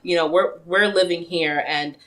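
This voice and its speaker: A woman co-hosting a podcast, talking in a relaxed, conversational way and telling personal anecdotes. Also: fairly low pitch, moderate pace. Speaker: podcast co-host. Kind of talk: casual chat.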